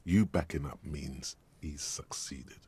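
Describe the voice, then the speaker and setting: A measured game narrator with an extremely deep voice. He gives wry, scripted narration to the player. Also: mellow, slight background noise. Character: grave inner-voice narrator man.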